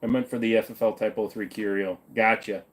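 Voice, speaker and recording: A man's voice: on the low side, fairly even intonation, a little fast. A man hosting a livestream, reading viewer questions aloud and answering them offhand in casual, jokey chat with the odd swear.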